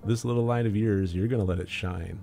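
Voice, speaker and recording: A man's voice: lowish voice, steady tone, brisk, creaky, mellow. A man voicing a chipper, over-eager young woman housecleaner who gushes and chatters. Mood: bubbly. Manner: bubbly, gushing.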